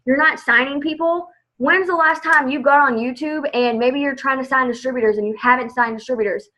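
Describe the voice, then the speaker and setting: High, bright-voiced woman giving an upbeat pep talk. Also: brisk, rough recording. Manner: chatty, upbeat, says "like" a lot. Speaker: direct sales team leader. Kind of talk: casual motivational live video.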